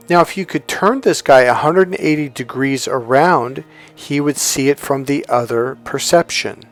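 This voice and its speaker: A man's voice: on the high side, moderate pace, hardly any pauses, soft background music. Rambling self-help coach, man. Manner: rambling storyteller, restarts and acts out quotes. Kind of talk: casual talk to camera.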